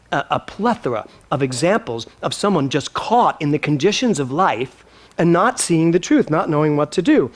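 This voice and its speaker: Male speaker, spiritual talk, high voice with big swoops in pitch, teasing and theatrical. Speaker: minister.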